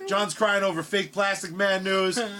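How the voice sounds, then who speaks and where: A man's voice: sits high, fairly even intonation, normal speed, bright, forceful tone. A male podcast co-host in casual comedic chat, rambling and hesitant, with crude jokes and many asides.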